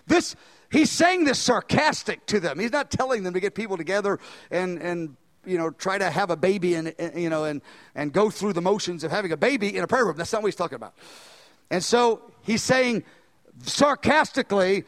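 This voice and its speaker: An older man preaching a sermon as pastor, animated, swinging between loud emphasis and quiet asides. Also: sits high, normal speed.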